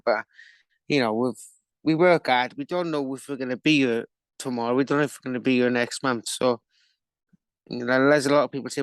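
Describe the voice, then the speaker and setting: A man, a professional boxer, chatting as a guest over a remote call in a relaxed, jokey way and swearing freely. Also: mid-range voice, no room sound. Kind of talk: casual interview chat.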